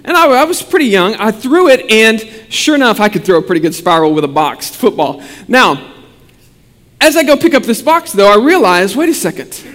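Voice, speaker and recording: Guy pastor telling funny stories in a sermon, pretty high voice, big echoey church sound. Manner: animated storytelling with humor. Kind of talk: sermon with personal story.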